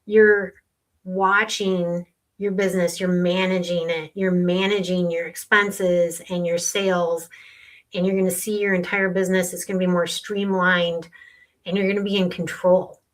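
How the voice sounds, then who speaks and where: A woman's voice: lowish voice, level tone, unhurried. A middle-aged woman, a sales tax consultant, explaining earnestly with client stories in a podcast conversation.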